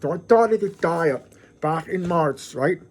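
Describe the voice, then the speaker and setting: A man's voice: a little high, animated, slow, slightly rough. A middle-aged man hosting his own vlog, talking casually to the camera in an earnest, effusive way, often repeating and restarting his words. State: emotional, near tears. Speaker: channel host.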